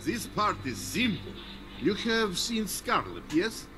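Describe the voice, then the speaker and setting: A man's voice: high voice, sing-song, slow pace, exaggerated voice. An actor playing a scheming, friendly male bartender in a video game, with a Russian accent and clipped, conspiratorial broken English. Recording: game music behind.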